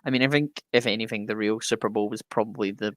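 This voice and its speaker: A man co-hosting a sports podcast, chatting casually and enthusiastically with a quick sense of humor. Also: fairly low pitch, steady tone, a bit bright, dry recording. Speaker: podcast co-host.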